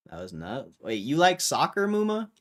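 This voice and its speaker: A man's voice: mid-range voice, creaky, fairly bright tone. Laid-back young streamer man. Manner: laid-back, rambling, lots of fillers and slang. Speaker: livestream host. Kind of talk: casual livestream chat.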